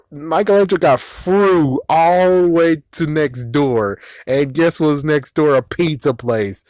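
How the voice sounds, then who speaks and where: A man giving a casual, excitable movie review who laughs often and swears casually. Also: fairly high pitch, no echo, clean studio sound.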